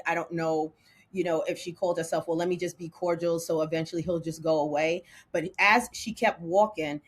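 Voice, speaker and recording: Host, woman, husky low voice, candid talker who laughs easily and slows down to hammer a point. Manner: candid and animated, laughs often, slows down to punch emphatic lines. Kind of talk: casual talk to camera.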